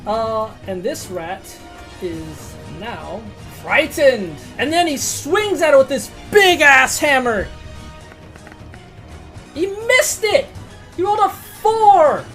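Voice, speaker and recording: A woman narrating a tabletop game as game master, excitable, swearing casually and laughing often. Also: sits high, slow, long pauses, faint music behind.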